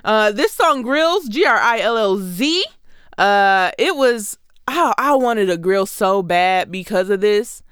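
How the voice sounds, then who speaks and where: A woman's voice: medium pitch, expressive, takes it slowly, fairly bright tone, smooth, dry recording, studio quality. A woman in her twenties from Michigan, giving a sarcastic, conversational comedy monologue. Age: 20s. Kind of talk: comedic monologue about song lyrics.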